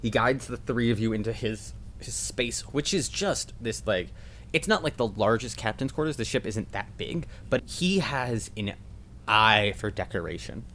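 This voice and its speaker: A man's voice: mid-range voice, expressive, moderate pace, a bit bright, a little hiss or hum. A man running a tabletop game as game master, describing scenes casually with lots of "like". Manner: casual, rambling with fillers.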